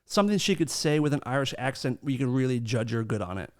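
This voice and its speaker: A man's voice: mid-range voice, animated, quick pace, dry recording, clean studio sound. A man hosting a casual podcast, talking loosely and profanely, often laughing. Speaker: podcast host.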